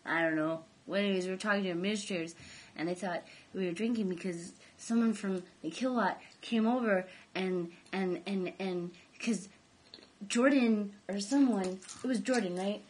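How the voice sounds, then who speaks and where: A woman's voice: medium pitch, normal speed, darkish tone. Giggly rambling teenage girl. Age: high school senior, late teens. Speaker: vlog co-host. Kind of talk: casual chat.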